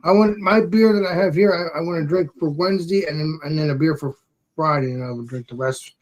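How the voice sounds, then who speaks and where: A man in casual chat, easygoing and relaxed. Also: a little high, fairly quick, poor audio. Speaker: podcast participant.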